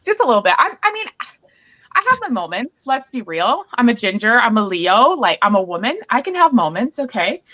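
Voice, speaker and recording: Chatty pregnant woman, bright voice. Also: on the high side, big pitch swings, brisk. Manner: candid, chatty storyteller acting out both sides of a quarrel. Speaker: podcast host. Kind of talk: casual chat. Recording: muffled lo-fi recording.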